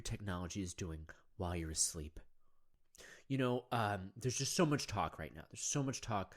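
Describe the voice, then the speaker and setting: A man's voice: on the low side, animated, normal speed. A man hosting a podcast in a loose, rambling monologue. He sounds conspiratorial and keeps firing off rhetorical questions. He tags nearly every thought with "right?" or "you know". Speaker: podcast host.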